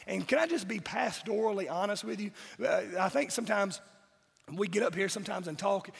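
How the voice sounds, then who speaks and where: A man, preaching a sermon with a high, gravelly voice. He keeps pressing the congregation with emphatic rhetorical questions. A long reverb trails his words through the church sanctuary. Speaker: pastor.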